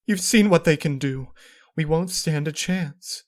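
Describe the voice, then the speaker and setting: A man voicing a weary, grim female pony princess, speaking low and resigned. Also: steady tone, measured pace, darkish tone. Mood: urgent.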